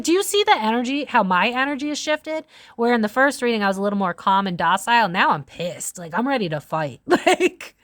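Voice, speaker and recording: A lower-voiced woman reads tarot cards straight to her viewers. She is blunt and swears freely, jumping into loud exclamations. Her voice sounds dry and close, with no room around it. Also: dry recording. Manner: blunt and profane, quick swings into loud exclamations. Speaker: psychic tarot reader. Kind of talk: casual tarot reading to camera.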